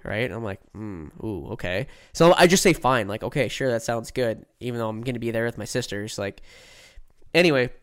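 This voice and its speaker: A young man co-hosting a podcast tells a long, rambling story in a casual chat, his medium-pitched voice brisk, clean and lively in intonation. He sprinkles in "like" and "right?" and acts out the voices of the people he quotes.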